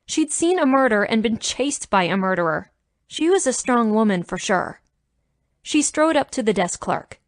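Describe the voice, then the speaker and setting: A woman narrating a romance audiobook in a measured storytelling manner. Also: on the high side, sing-song, no echo, clean studio sound.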